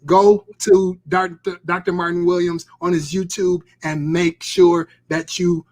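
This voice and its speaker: Male host-preacher, urgent and repetitive, voice sits a touch high. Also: flat delivery, a little slow. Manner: fervent, urging, repetitive exhortation. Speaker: host and pastor. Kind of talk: live-stream sermon talk.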